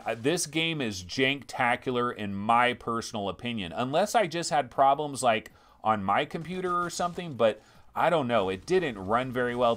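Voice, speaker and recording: A male host reviews VR games in a loose, slangy way and slips into rants. His pitch swings widely and climbs high when he gets worked up. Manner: animated, ranting, slangy. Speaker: VR game show host. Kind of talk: casual game review talk.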